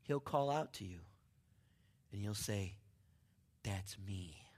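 A man preaching a sermon in a conversational, humorous way, dropping to near-whispers and then rising to excited shouts. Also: lowish voice, unhurried. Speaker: pastor.

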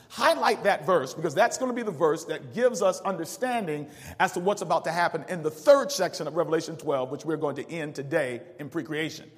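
A male pastor preaching a call-and-response sermon, reading verses aloud and pausing for the congregation to fill in the words. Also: sits high, big-room sound. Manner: preaches with rising call-outs and asks the congregation to finish verses.

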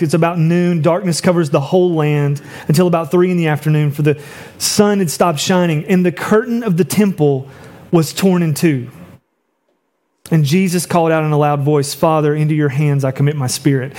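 A man preaching an earnest sermon as a pastor, dropping low and soft when he quotes words.

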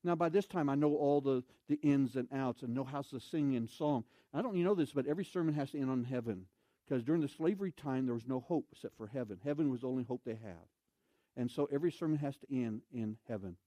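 A man preaching a sermon in a church, telling stories with lively, animated delivery and loud bursts of emphasis. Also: mid-range voice, fast, dry recording. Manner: animated storytelling, acts out voices, shouts for emphasis. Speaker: pastor. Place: church sanctuary.

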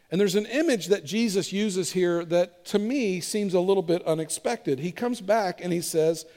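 A man preaching a sermon as pastor, moving between emphatic delivery and hushed, intimate appeals to the congregation. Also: high-pitched, lively intonation, normal speed. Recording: long hall reverb.

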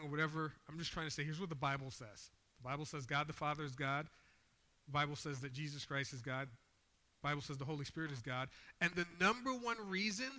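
A man's voice: a little high, sharp tone, in a large hall. A man preaching a sermon, reading scripture aloud with rising emphasis and explaining it in a plain, conversational way.

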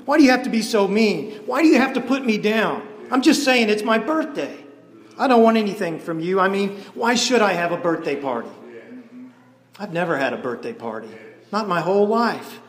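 A man voicing a lonely, wistful woman at a diner counter who speaks softly and hesitantly. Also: high-pitched, lively intonation, normal speed. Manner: hesitant, soft-spoken. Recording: echoey hall.

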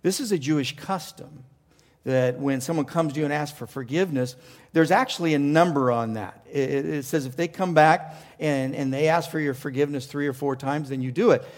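A man's voice: fairly high pitch, a little fast, darkish tone. A male pastor preaching a passionate sermon, asking rhetorical questions and often restarting his sentences. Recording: long reverb of a large hall.

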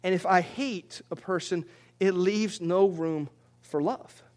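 A man's voice: high-pitched, takes it slowly, darkish tone. A man preaching a sermon as pastor, in a conversational way that often repeats words and rises when he presses a point.

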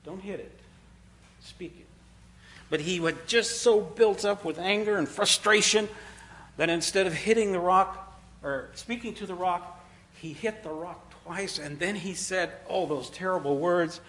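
A man preaching a sermon in a folksy storytelling way, dropping low and quiet when he quotes. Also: measured pace.

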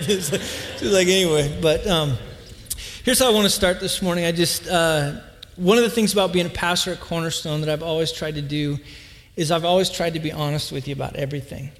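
A pastor in his thirties with a high voice tells a humorous story from the pulpit. He chats easily and acts out his family's lines. His voice rings with the long reverb of a church hall. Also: fairly bright tone. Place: church hall with live audience.

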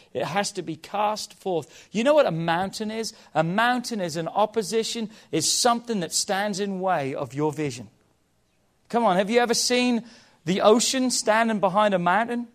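High-voiced, impassioned male preacher. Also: animated, normal speed. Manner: impassioned, calls for congregation response; swings between loud emphatic peaks and hushed low endings. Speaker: pastor. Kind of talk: sermon.

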